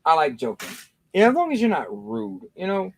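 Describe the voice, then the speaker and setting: A man's voice: on the high side, wildly swooping pitch, moderate pace, a little hiss or hum. A man in his thirties hosting a livestream in casual, rambling chat, with lots of fillers and restarts. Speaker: livestream host.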